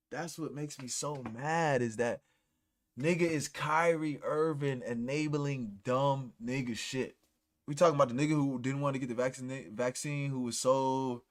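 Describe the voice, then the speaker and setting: A man hosting a reaction show, ranting bluntly and mocking what he watches. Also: mid-range voice. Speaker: podcast host reacting to clips. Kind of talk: profane reaction commentary.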